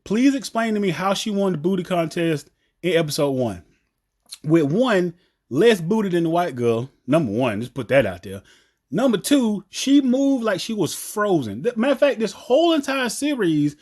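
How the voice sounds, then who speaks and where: A man from the American South with a Southern accent, giving a blunt, animated opinion rant about a TV show. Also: high-pitched. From Southern United States. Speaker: TV commentator.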